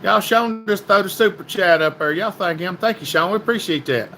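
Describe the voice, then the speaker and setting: A chatty man with a drawl runs a casual livestream, greeting viewers by name. His voice is bright and forceful and sits a little high. A faint hum of background noise runs under it. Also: brisk, low-quality recording. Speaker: livestream host. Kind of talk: casual livestream chat reading comments.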